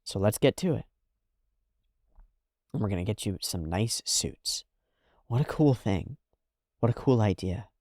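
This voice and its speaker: A man hosting a reaction video, talking casually and animatedly, swearing freely and swinging between loud outbursts and hushed asides. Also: lowish voice, animated, measured pace, pauses often, no room sound, clean studio sound.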